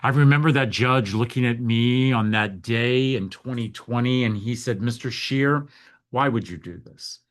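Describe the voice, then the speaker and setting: A man's voice: mid-range voice, normal speed. A middle-aged American man, a foster care advocate, telling his story in an interview with earnest, heartfelt feeling.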